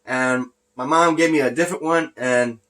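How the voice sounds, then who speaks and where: A man's voice: medium pitch, normal speed, a bit bright. A man hosting a casual wrestling podcast, rambling and losing his train of thought, a little short of breath while talking through a face mask. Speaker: podcast host. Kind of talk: casual wrestling recap chat. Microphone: wearing a face mask.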